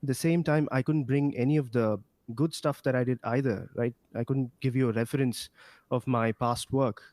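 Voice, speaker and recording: A man's voice: medium pitch, steady tone, normal speed, a little mellow, dry recording. A man who is a guest on a podcast, talking casually and with a playful, joking manner. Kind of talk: casual interview chat.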